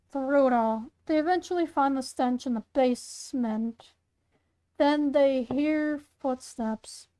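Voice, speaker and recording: A woman's voice: high-pitched, a little mellow. A woman hosting her channel, reading her own spooky fan story aloud with chatty asides, often stumbling and correcting herself. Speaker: channel host and story reader.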